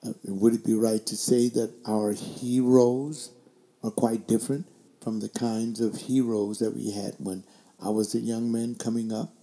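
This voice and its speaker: A man's voice: mid-range voice, little pitch movement, unhurried, warm tone, reverberant. An older man hosting his own webcast, giving his opinions and stringing together rhetorical questions into a desk microphone. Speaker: webcast host. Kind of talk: opinion commentary to a webcast audience. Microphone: desk microphone, later adjusted to sit further back.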